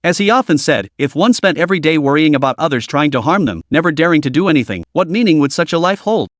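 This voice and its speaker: A man narrating a web-novel audiobook in an expressive, dramatic storytelling manner. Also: fairly high pitch, quick pace, no room sound, clean studio sound.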